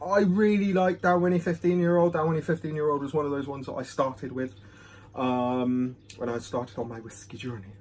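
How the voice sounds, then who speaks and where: A man's voice: fairly high pitch, fairly even intonation, brisk, darkish tone. A man chats his way through a whisky tasting at home, talking into his phone in a loose, self-deprecating ramble full of ums. There is a faint hiss behind him. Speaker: whisky reviewer. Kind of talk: casual rambling review. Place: home room. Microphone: phone camera.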